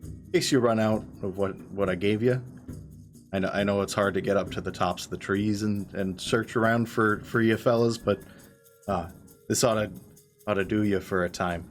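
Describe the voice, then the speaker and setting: Friendly canadian moose-giant guy, lowish folksy voice, a man putting it on, faint music behind. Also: fairly even intonation, normal speed, lightly acted. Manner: easygoing, hesitant, folksy.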